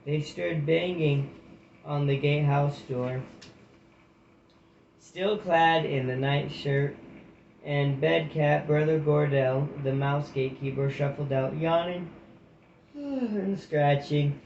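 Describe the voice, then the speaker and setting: A man's voice: a little high, takes it slowly, vocal fry, darkish tone, echoey room, muffled recording, a little hiss or hum. Man reading a storybook aloud. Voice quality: reads with restarts and slips. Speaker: audiobook reader. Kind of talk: storybook narration.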